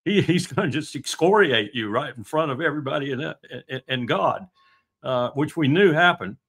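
A man in his sixties telling stories in a halting, anecdotal way during a casual discussion. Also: a little high, lively intonation, gravelly, a bit bright, slightly rough. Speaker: guest commentator.

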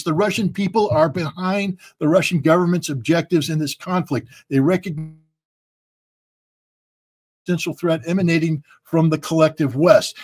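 A man's voice: a little high, breathy edge. A man from the United States giving emphatic, blunt political commentary as a guest.

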